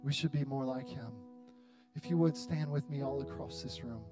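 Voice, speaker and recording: A man in his thirties preaching a sermon to his church, building to loud, dramatic appeals with long pauses. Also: mid-range voice, over music. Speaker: pastor. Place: church hall.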